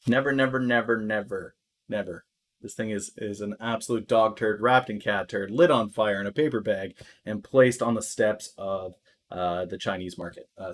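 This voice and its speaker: Chatty man streaming market commentary. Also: lowish voice. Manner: chatty, thinking aloud with many fillers; swings into loud exaggerated alarm.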